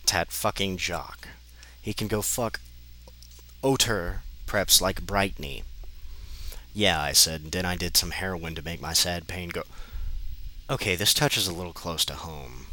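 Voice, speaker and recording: A man's voice: low-pitched, animated, normal speed, sharp tone, rough recording. A man doing a comedic dramatic reading of a bad fan story, breaking off often with sarcastic, exasperated, swearing commentary.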